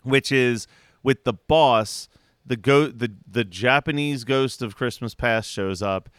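Man, podcast co-host, bright tone, casual swearing recap, dry close mic. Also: mid-range voice, slow pace, clear, resonant tone, no room sound. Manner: animated, swears, acts out characters in quotes.

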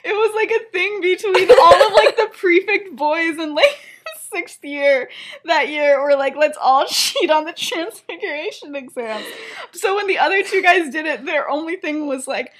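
A young woman chats on her podcast in a high, light voice, rushing through a story and breaking into giggles as she goes. Her speech is loose and chatty, packed with "like" and quick asides. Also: fairly bright tone. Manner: giggly, talks in a rush full of "like" fillers. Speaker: podcast co-host. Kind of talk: casual chat retelling a fan story.

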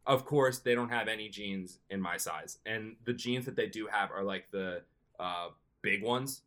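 A young man casually telling a long, animated story as a podcast co-host, often slipping into excited quoted self-talk. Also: on the low side, a little slow.

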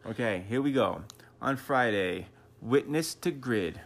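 Boston-accented man co-host, laid-back and swearing, mid-pitched and casual. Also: expressive, a little slow, vocal fry. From New England. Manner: profane, laid-back joking. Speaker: podcast co-host. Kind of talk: casual chat.

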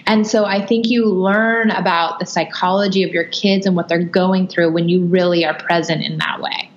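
A woman's voice: lowish voice, steady tone, moderate pace. Woman, parenting coach guest, earnest explanations, muffled lo-fi audio. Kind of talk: casual interview chat.

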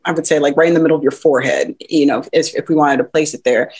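Woman with a low voice explaining stuff on a podcast, lively, laughs a lot. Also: quick pace, breathy edge. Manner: animated, laughs often, acts out quoted voices. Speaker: podcast guest, therapist. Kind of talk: casual interview talk.

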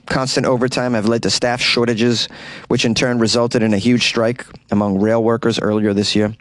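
A man with a mid-range, fairly bright voice hosts a comedy news podcast, reading articles aloud and sarcastically riffing on them. He has lived in New York City. The recording is dry, made in a small closet.

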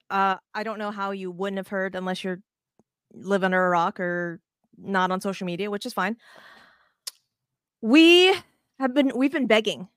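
A woman co-hosting a casual baseball podcast, talking in an animated, rambling way with restarts and plenty of swearing. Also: medium pitch, no echo, clean studio sound. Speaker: podcast co-host.

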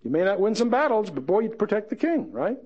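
A man's voice: high-pitched, very animated, quick pace, breathy edge, muffled recording. A man teaching verse by verse through a Bible passage, chatting with joking asides and reading the scripture quotes dramatically.

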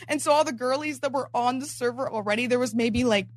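High-voiced young woman telling a story. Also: fast talker. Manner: animated, laughing, quoting herself; slangy and profane. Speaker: content creator. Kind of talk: casual storytelling.

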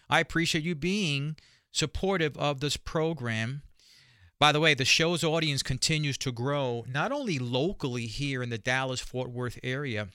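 Male radio host with an accent, encouraging and upbeat, bright and smooth-toned, dry studio sound. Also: mid-range voice, no echo. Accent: noticeable accent. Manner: upbeat, encouraging, repeats his appeals. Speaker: radio talk show host. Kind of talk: radio talk show monologue.

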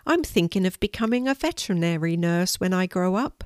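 A woman's voice: lowish voice, animated, brisk, no room sound, clean studio sound, lightly acted. A woman voicing an earnest young girl who loves animals, in a storybook reading. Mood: polite, eager. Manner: earnest and hushed.

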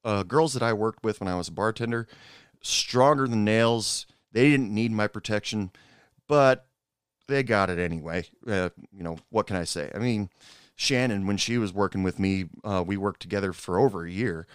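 Brief: middle-aged man, smooth low voice, dry close sound, rambling personal storyteller. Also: no echo. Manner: rambling, halting, with frequent asides. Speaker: former bartender telling stories.

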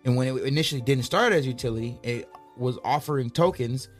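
A man co-hosting a casual crypto news show, talking in animated, rambling bursts full of "like". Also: medium pitch, faint music behind. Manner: animated, rapid, rambling with many "like"s. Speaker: co-host.

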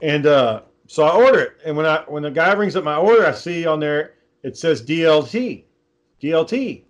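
A man's voice: on the high side, animated, normal speed, lo-fi sound. A man in casual chat, telling long stories with many fillers and restarts.

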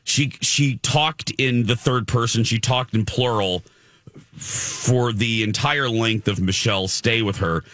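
A man's voice: mid-range voice, unhurried, fairly bright tone, a little hiss or hum. A middle-aged man telling a rambling story in a casual chat, often correcting himself.

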